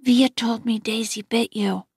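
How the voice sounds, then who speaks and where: A woman voicing a gentle, anxious young boy who speaks in a soft, pleading hush. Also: fairly high pitch, fairly even intonation, a little slow, slightly rough, dry recording, studio quality, exaggerated voice.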